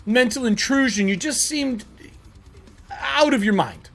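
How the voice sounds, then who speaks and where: A woman's voice: fairly high pitch, animated, unhurried, fairly bright tone, pitched above the performer's own voice, heavily acted. A man voicing a polite, composed woman mage in a tabletop game. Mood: apologetic.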